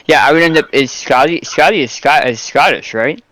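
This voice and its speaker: A man's voice: on the high side, fairly quick, fairly bright tone, no room sound. Hesitant man running a tabletop game. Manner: hesitant, lots of ums and restarts. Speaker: game master.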